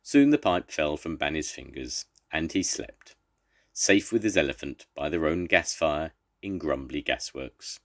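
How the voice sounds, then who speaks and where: Deep-voiced grandfather reading a story. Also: a little slow. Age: older. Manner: gentle, expressive reading. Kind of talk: reading a children's story aloud.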